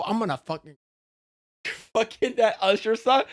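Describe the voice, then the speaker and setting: A man's voice: sits high, animated, unhurried, pauses often. A man streaming live, reacting to his chat in a defensive, joking way, swearing and laughing often.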